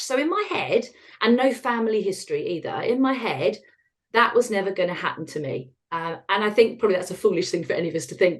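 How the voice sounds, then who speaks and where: A middle-aged British woman, a retired osteopath, telling her own story frankly and wryly in an interview, acting out bits of dialogue. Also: mid-range voice. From United Kingdom. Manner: frank, wry, acts out dialogue in quotes.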